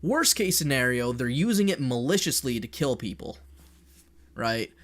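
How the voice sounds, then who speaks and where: A man's voice: mid-range voice, animated, moderate pace, fairly bright tone. A man, ranting in a blunt, profane way during a casual stream. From Canada. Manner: blunt, profane, heated opinion talk.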